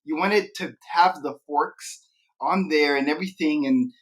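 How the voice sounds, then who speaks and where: A man hosting a podcast interview, laid-back and slangy, with quick reactions. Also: a little high. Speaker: podcast host.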